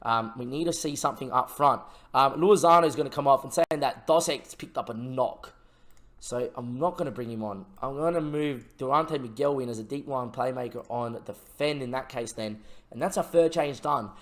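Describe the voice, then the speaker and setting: A young man commentating his own football management game in a casual, chatty way, getting loud and excited at big chances. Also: medium pitch, normal speed. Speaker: gaming YouTuber.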